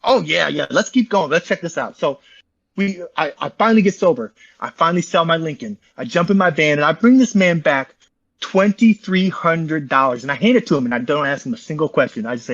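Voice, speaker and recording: Fast, husky man telling a story. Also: fairly high pitch, lively intonation, fairly bright tone, dull audio. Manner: rambling, slangy, calls listeners bro. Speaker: interview guest, online community founder. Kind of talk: casual conversational storytelling.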